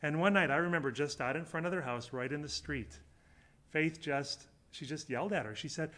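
Earnest preacher man, higher-pitched. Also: brisk. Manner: swings between loud emphatic lines and quiet, low asides; earnest, conversational preaching with occasional fillers. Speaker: pastor. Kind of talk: sermon.

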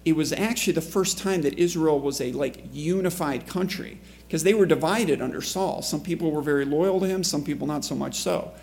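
A man's voice: a little high, fairly quick, vocal fry, few pauses, darkish tone. A man preaching a conversational sermon to a congregation in church, often asking the listeners questions. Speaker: pastor.

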